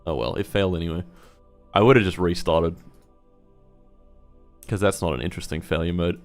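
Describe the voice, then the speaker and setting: A young man commentating his own live game stream, swinging between quiet muttering and loud swearing outbursts. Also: deep voice, brisk, soft background music.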